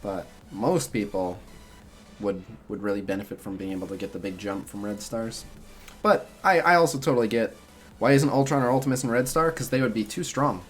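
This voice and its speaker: A man's voice: lowish voice, brisk. A young man streaming a mobile game, chatting casually with his viewers in a rambling way full of "like" and "uh" fillers. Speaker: streamer answering chat. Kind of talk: casual livestream chat about a mobile game.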